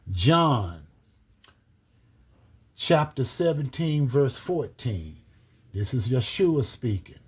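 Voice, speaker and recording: Slow, husky man teaching scripture. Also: mid-range voice, sing-song. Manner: deliberate, spells words out letter by letter; reads scripture verses aloud with references. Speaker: religious teacher.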